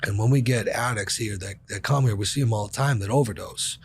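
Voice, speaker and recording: A man's voice: fairly low pitch, a little fast, slight background noise. A man in his thirties telling a candid personal story in casual conversation, swearing casually and acting out quoted dialogue. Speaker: podcast guest.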